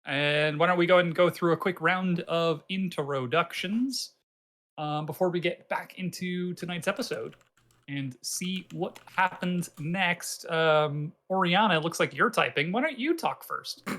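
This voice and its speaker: A playful, excitable dungeon master chatting casually with players before a tabletop game. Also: medium pitch, measured pace. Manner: playful, excitable, talks over others.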